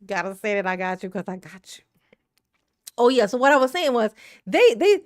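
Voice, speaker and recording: A woman's voice: fairly high pitch, sing-song, normal speed, no room sound, studio quality. A woman hosting a casual live stream, reading viewer comments aloud, laughing often and talking in a slangy, emotional way. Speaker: livestream commentary host.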